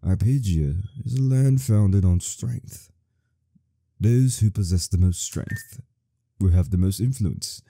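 A man voicing a kindly old male bard who slowly tells a tale to children in a video game playthrough. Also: low voice, creaky, husky, no echo, voice pushed down, heavily acted. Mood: solemn. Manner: slow, gentle storytelling to children.

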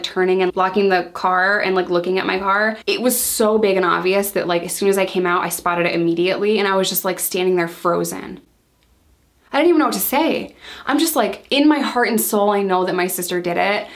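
A woman in her thirties telling a personal story in a chatty, exasperated way, quoting herself and others in quick bursts. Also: medium pitch. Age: 30s. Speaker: storytime vlogger. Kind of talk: casual storytelling.

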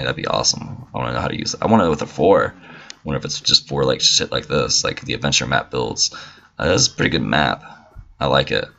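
Very deep gravelly man gaming. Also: bright, forceful tone, lo-fi sound. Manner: swears freely, mock-indignant asides. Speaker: gamer. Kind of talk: casual let's-play commentary.

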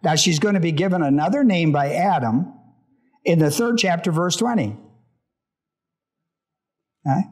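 A male pastor teaches from scripture in a slightly high voice. He reads a few verses, then stops to ask his listeners questions before he reads on. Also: expressive, moderate pace, pauses often. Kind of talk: Bible study sermon.

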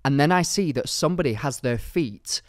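A young man co-hosting a podcast, telling a story in a rambling, animated way, full of fillers and laughs. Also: medium pitch, normal speed, noisy background. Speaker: podcast co-host. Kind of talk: casual storytelling chat.

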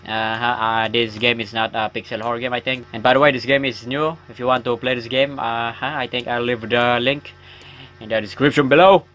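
Male gamer, casual let's-play chatter, self-mocking, bright tone, mid pitch. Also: fairly even intonation, brisk, soft background music. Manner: chatty, self-mocking, bursts into yelps at scares. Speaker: gaming YouTuber. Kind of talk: rambling let's-play chat.

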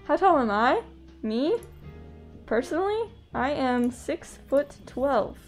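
With a high, very animated voice and a slow pace, a young woman from the US West Coast chats casually on her live stream. She giggles, talks directly to chat and laughs often, with faint background music.

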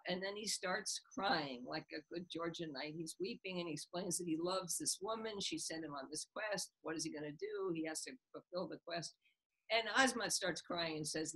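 A woman's voice: on the low side, normal speed, breathy edge, rough recording. A woman author being interviewed, retelling a scene from a book and acting out its characters' lines. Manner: animated storyteller, acts out the characters' lines with a laugh.

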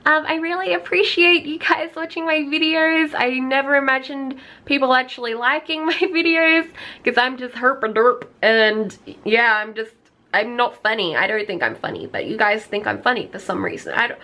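A young woman hosting her own channel, chatting with fans over video calls, giggly and excitable with squeals and gasps. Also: high-pitched, moderate pace. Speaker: YouTuber host. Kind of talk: casual vlog talk and fan video calls.

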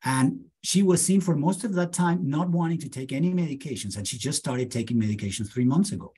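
Husky-voiced man giving a lecture. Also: a little high, expressive, warm tone. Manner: measured, deliberate lecturing with emphatic slowdowns. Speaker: psychiatry lecturer. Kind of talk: academic lecture with case vignettes.

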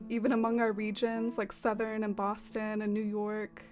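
A woman's voice: mid-range voice, completely flat delivery, moderate pace, darkish tone, faint music behind. An American woman streaming a game, chatting casually with viewers, giggling often and using lots of fillers. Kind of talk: casual chat reading out chat messages.

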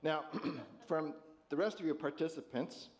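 A man's voice: a little high, measured pace. A man pastor leading an interactive sermon with volunteers, jovial and chuckling as he asks the congregation questions.

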